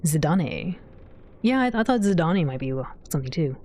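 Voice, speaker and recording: A woman's voice: lowish voice, big pitch swings, normal speed, a little mellow. A woman livestreamer chatting casually with her viewers as she plays, giggling often and reading their messages aloud. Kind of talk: casual game commentary to chat.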